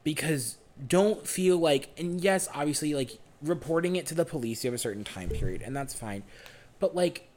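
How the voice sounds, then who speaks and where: A young man co-hosting a podcast, telling a personal story in a frank, animated way and swearing freely. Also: on the high side, moderate pace, a little hiss or hum. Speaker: podcast co-host.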